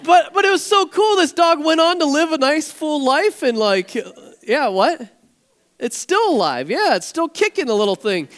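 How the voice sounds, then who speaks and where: Animated storytelling male pastor. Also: very high voice, normal speed. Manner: animated, rising to near-shouts in excitement. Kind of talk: casual storytelling sermon.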